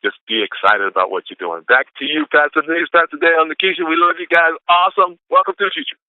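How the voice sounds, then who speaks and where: A man's voice: a little high, fast talker, dry recording. A man from Atlanta, Georgia, giving a whooping, preacher-like motivational pep talk on a conference call. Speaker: caller sharing quotes. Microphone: telephone. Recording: tinny phone line, dry.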